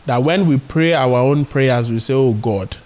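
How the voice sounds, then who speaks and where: A man's voice: medium pitch, moderate pace, darkish tone. A man preaching a sermon earnestly, asking rhetorical questions and retelling stories.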